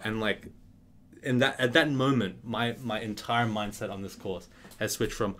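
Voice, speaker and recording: A young man hosting a gaming channel, telling a story in a casual, animated way, swearing freely and acting out the scenes before he turns to game commentary. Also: mid-range voice, normal speed. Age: young adult.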